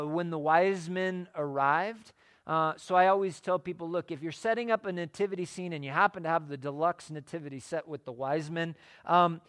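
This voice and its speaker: A man preaching a sermon in a conversational way, asking his listeners rhetorical questions. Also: high-pitched. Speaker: pastor.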